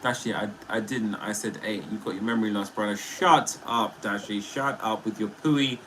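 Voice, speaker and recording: A man with a lowish, fairly bright voice speaks at a moderate pace while hosting a casual livestream. He reads viewer comments and chats with them playfully, laughing a lot. The recording is low quality, with some slight background noise.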